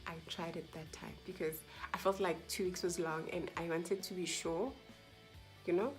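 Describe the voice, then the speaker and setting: Animated young woman vlogger telling a story. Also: on the low side, normal speed, soft background music. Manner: animated, acts out quoted dialogue, drops to whispers. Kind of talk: casual storytelling to camera.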